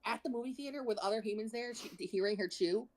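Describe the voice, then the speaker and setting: A woman's voice: on the high side, quick pace. A woman co-hosting a live stream, chatting animatedly and reading viewer comments aloud. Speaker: livestream co-host reading chat. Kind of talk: casual chat.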